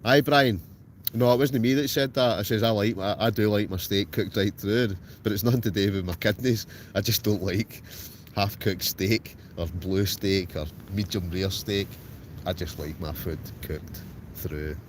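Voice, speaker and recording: Scottish guy from ayrshire in a tent, lowish voice, chatting to viewers, loud wind rumbling behind. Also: unhurried. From Scotland. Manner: chatty, answers viewers by name. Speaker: livestream host. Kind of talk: casual chat reading live comments. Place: tent outdoors in a storm at night.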